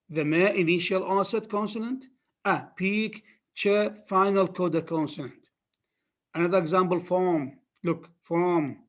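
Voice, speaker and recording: A man with an Arabic accent giving a phonetics lecture, repeating key terms emphatically for students. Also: high voice. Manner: repetitive, emphatic teaching with many restarts.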